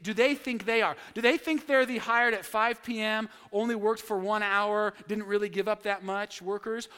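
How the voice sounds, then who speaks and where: A man preaching a sermon, telling a story with lively acted-out quotes. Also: high voice, big-room sound. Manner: animated storytelling, acting out quotes. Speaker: pastor.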